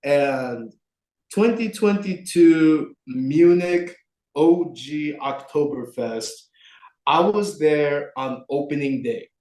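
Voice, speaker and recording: A young man tells a story on a podcast, animated and full of fillers. His voice sits a little high. It bounces around an echoey room. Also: slow. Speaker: podcast co-host. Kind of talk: casual storytelling chat.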